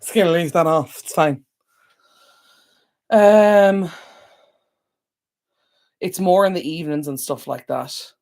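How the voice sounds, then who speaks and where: A woman's voice: fairly low pitch, takes it slowly, pauses often, mellow. Chatty Irish woman live-streaming. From Ireland. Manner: chatty, rambling with many ums, addresses viewers by name. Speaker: livestream host. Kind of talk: casual live-stream chat. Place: indoor home room near a window.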